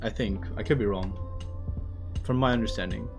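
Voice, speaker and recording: A man's voice: lowish voice, normal speed, vocal fry, music in the background. Rambling man on a live stream. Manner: rambling, chatty, self-deprecating, lots of fillers. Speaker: streamer reading manga aloud. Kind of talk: casual live-stream commentary.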